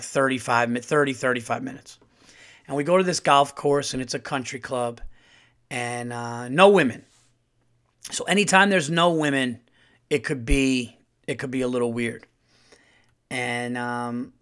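A man who is a comedian and podcast host, telling stories in a casual, profane monologue that climbs to loud outbursts when he gets heated. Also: medium pitch. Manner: animated, profane, rising to shouting when heated.

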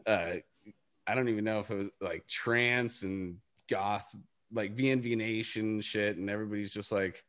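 Low-voiced man rambling casually. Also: fairly even intonation, moderate pace, fairly bright tone, clean tone. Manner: rambling, fillers, swearing. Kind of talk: casual chat.

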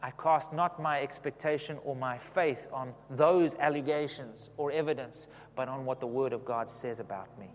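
A man's voice: mid-range voice, moderate pace, hardly any pauses, in a large hall. A man preaching a sermon in a conversational way, often asking the congregation questions.

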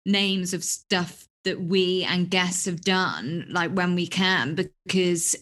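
A woman's voice: fairly low pitch, takes it slowly, a bit bright. A woman co-hosting a podcast, reasoning points through in casual chat. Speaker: podcast co-host.

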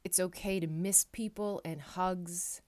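A woman hosts her own podcast, offering soft, reassuring affirmations that she repeats again and again. Her voice sits somewhat low for a woman. She sounds a little tearful at times, and her heartfelt delivery stays gentle throughout. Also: fairly even intonation, unhurried. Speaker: podcast host. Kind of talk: heartfelt solo podcast talk.

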